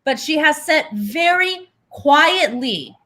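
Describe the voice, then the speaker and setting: A woman's voice: high-pitched, lively intonation, takes it slowly, bright, forceful tone. A woman hosting a heated live stream, pleading with guests to stay on track and swearing under strain.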